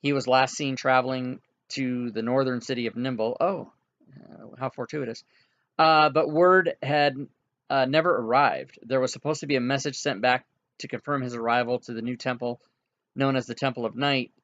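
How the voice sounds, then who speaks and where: A man narrating as game master of a tabletop game, relaxed and reassuring toward his players, on a dull, dry lo-fi recording. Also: mid-range voice, moderate pace. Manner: relaxed, reassuring, laughs easily.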